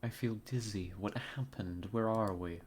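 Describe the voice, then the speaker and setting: A man's voice: fairly low pitch, normal speed, a little hiss or hum, lightly acted. A man voicing a shaken young investigator in his own plain voice, reading game dialogue aloud in an earnest, uneasy way.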